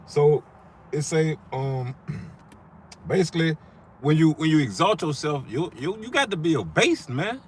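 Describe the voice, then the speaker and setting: A man reading scripture aloud and commenting on it in an emphatic, preachy, profane way, slowing down for the verses. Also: fairly high pitch, animated, a little hiss or hum.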